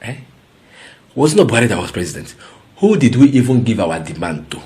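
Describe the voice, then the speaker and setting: A man's voice: lowish voice, very animated, a little fast, warm tone. A man with a Nigerian accent giving ranting political commentary, mocking and incredulous, slipping into Pidgin and repeating words for effect.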